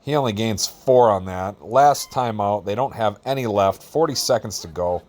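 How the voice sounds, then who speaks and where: Low-voiced casual game commentator, man. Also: normal speed, faint music behind. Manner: relaxed, self-deprecating, jokey asides. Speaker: play-by-play commentator.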